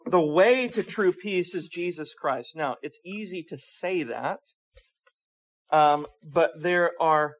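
Casting: male preacher, slightly high voice, talky sermon style, rhetorical questions. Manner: conversational preaching with rhetorical questions and repeated words.

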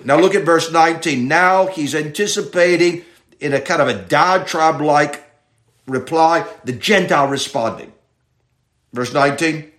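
A man teaching a Bible passage verse by verse in sermon style, reading slowly and stressing key words. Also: on the high side, lively intonation, a bit bright, echoey room. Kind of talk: expository sermon.

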